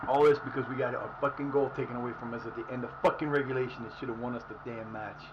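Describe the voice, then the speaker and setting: A man's voice: mid-range voice, steady tone, very fast, highs cut off, background noise. A man streaming a football game live, swearing often as he rants at his team's play. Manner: frustrated, profane ranting at the game.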